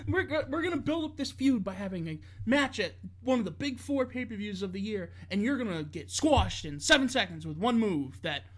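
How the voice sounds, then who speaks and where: A man chatting casually on a wrestling podcast, laughing often and telling things in an animated way. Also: high-pitched, a little fast, few pauses. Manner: lively, laughing, animated storytelling.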